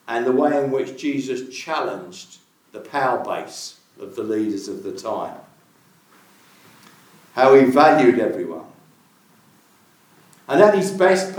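A man's voice: mid-range voice, darkish tone. A man preaching a sermon in an earnest way, putting searching questions to his listeners. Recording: very echoey room, voice from far off the mic.

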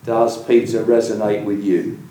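A man's voice: lowish voice, little pitch movement, moderate pace, mellow. Guy giving a sermon, earnest, asks the crowd questions, super echoey room. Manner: earnest, poses searching questions to listeners. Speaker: preacher. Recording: very echoey room, voice from far off the mic.

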